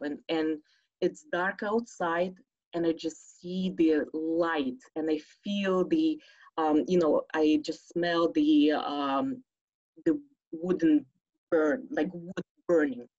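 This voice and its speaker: A woman telling a personal story on a stage show, animated, acting out the voices she quotes. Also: deep voice. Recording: slightly dull lo-fi audio.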